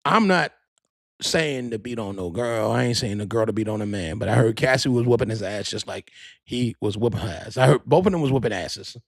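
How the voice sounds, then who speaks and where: A man's voice: on the low side, lively intonation, brisk, creaky, no room sound, studio quality. A man hosting a podcast, telling stories in a loose, comic way, swearing and laughing at his own tales. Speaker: podcast host.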